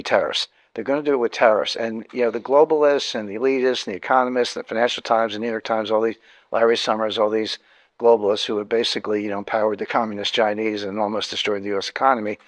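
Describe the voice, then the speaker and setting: A man's voice: fairly low pitch, fairly even intonation, quick pace, no echo. A man, a guest in an interview, explaining economics emphatically, repeating key points and often restarting sentences.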